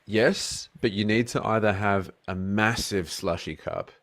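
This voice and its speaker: An Australian man with a notably low, deep voice, talking over a video call. He chats easily and jokes, and when a serious question comes he lays out his view in a steady, measured way. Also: slight background noise. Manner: easygoing, joking, then measured when explaining. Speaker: guest. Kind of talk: casual Q&A conversation.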